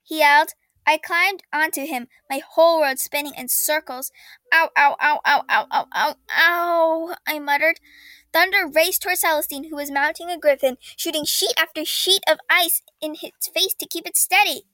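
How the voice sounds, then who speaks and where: Bright high-voiced woman reading a story. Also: normal speed, no echo. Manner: expressive, acting out dialogue loudly. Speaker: story reader. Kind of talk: first-person fantasy story reading.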